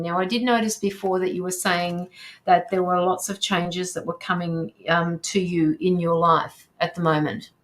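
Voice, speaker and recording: A woman hosting a live tarot reading, reading viewer comments aloud and reassuring the sitter, with frequent ums and restarts. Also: medium pitch. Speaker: tarot reader hosting a livestream.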